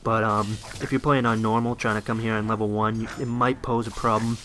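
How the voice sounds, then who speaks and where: A man's voice: lowish voice, little pitch movement, brisk, a bit bright, a little hiss or hum. Rambling young man narrating gameplay. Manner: rambling and enthusiastic, many fillers and restarts. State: shivering from cold. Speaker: gameplay commentator. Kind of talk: casual gameplay commentary.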